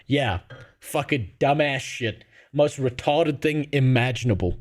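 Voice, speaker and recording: A man's voice: medium pitch, measured pace. A man ranting sarcastically and with a lot of swearing while streaming. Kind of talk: casual live-stream commentary.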